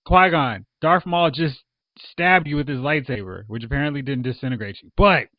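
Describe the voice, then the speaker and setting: A man's voice: medium pitch, moderate pace, no echo. A man co-hosting a casual podcast movie discussion, playfully acting out characters as he talks. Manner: playful, acts out characters in a goofy voice. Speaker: podcast co-host. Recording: dull, dry lo-fi sound.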